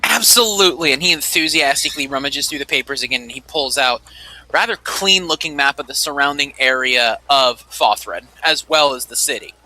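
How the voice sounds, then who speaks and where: A man narrating as game master, animated and chuckling, with a lot of "kind of" as he sets scenes. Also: mid-range voice, brisk, poor audio.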